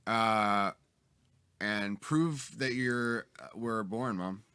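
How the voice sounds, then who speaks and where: A low-pitched man hosts a casual podcast, talking loosely and rambling from point to point. He fills his talk with plenty of "uh" and "like" as he chats with his guests. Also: drawn-out words, bright, forceful tone, smooth. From American South. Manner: rambling, chatty, lots of fillers. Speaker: podcast host. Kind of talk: casual chat.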